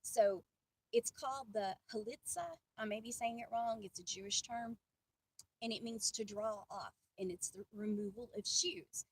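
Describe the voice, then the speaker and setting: A woman's voice: mid-range voice, fairly even intonation, moderate pace. A woman from the American South, giving a casual, chatty devotional talk full of asides and self-deprecating jokes. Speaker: faith vlogger. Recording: distant mic with faint ambient noise.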